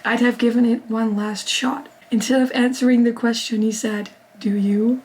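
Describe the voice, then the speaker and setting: Young woman, fairly high voice, book vlogger reading aloud with excited asides. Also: moderate pace, slight background noise, rough recording. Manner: reads in a steady first-person narration, bursting into excited reactions. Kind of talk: reading a novel aloud with reactions.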